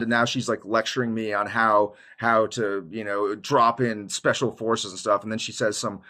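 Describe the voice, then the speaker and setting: A man's voice: on the low side, level tone, normal speed, hardly any pauses, pushed and bright. A man giving a casual testimony monologue to his viewers, rambling in slangy speech, saying "dude" often and laughing mid-sentence. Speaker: YouTuber giving a Christian testimony.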